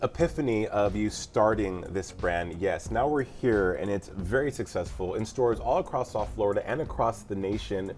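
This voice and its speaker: A man's voice: lowish voice, normal speed, few pauses, darkish tone, soft background music. A man hosting a TV talk show, upbeat and joking as he interviews a guest and plugs her products.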